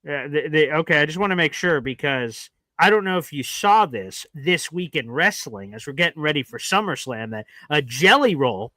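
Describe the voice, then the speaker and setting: A man co-hosting a casual sports talk show, telling stories with animated acted-out reactions. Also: a little high, moderate pace, hardly any pauses, no room sound. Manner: animated storyteller, acts out his own reactions. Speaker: podcast co-host.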